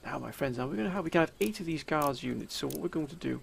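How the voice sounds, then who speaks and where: Gravelly man narrating his strategy game. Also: on the high side, animated, rapid-fire, slight background noise. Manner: theatrical, addresses viewers as 'sir' and 'gentlemen'. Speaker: let's play commentator. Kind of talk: game commentary.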